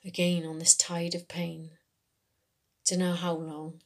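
A woman reading a first-person short story, telling it in an unhurried, conversational way in a working man's dialect. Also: fairly low pitch, monotone. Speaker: story reader.

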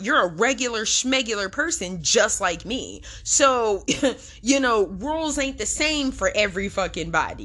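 A woman's voice: mid-range voice, pushed and bright. A young adult woman hosting a podcast, giving a blunt, profane, slang-heavy commentary monologue. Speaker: podcast host.

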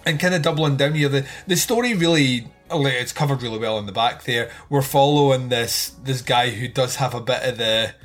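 A man talking through a horror film review in loose, casual chat, his pitch in the middle range. He rambles with fillers and swears freely. Soft music plays faintly behind him. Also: moderate pace, few pauses. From outside the United States. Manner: rambling, frequent fillers and swearing, laughs often. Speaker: podcast co-host.

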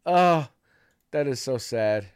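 A man's voice: mid-range voice, animated, takes it slowly, clear, resonant tone, no room sound, clean studio sound. A man co-hosting a casual political talk podcast, who laughs often and repeats himself. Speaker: podcast co-host.

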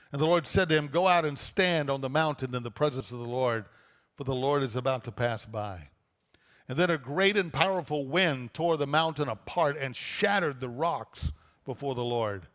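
A pastor reads a scripture passage aloud during his sermon, then unpacks it through rhetorical questions. His voice is medium-pitched and fairly bright, moving at a normal speed, and the sound suggests a big room.

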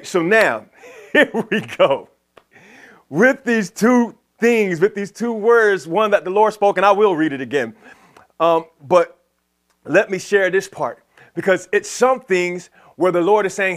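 A man preaching a sermon in a conversational way, acting out talks with the Lord and others. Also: sits high. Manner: conversational preaching, acts out dialogue with the Lord, animated. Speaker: pastor.

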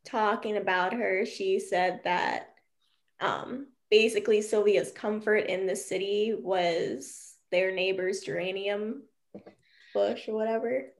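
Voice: mid-range voice, fairly even intonation, takes it slowly, vocal fry. A woman student answering in class, hesitant with many fillers. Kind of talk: classroom discussion.

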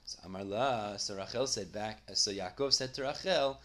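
A man's voice: lowish voice, moderate pace, few pauses, sharp tone. A man teaching a Talmud study lesson, who reads each line aloud and then explains it in English.

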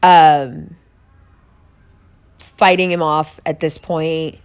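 A woman with a somewhat low-pitched voice tells a personal story in a candid, conversational way. She fills her talk with "like" and acts out what she said back then. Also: steady tone, very slow, clean tone. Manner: chatty, peppered with "like", quoting herself.

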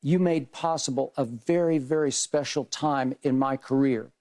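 An older man, a sports debate host, giving an earnest, measured farewell tribute to his co-host, with wry jabs. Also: medium pitch, mellow.

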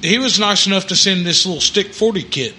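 A man's voice: high voice, fairly quick, bright, forceful tone, slight background noise. A man, laid-back, chatting casually as the podcast host. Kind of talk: casual chat.

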